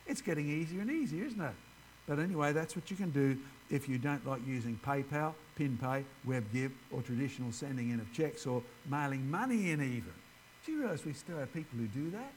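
A man's voice: fairly high pitch, lively intonation, a little fast, slight background noise, poor audio. A man giving an informal ministry presentation, chatting directly with his audience. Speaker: creationist ministry speaker.

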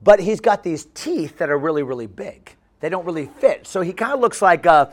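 Man, pastor telling a funny story in a sermon; high and very expressive pitch, repeats lines for laughs. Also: brisk. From United States. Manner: animated, comic, repeats phrases.

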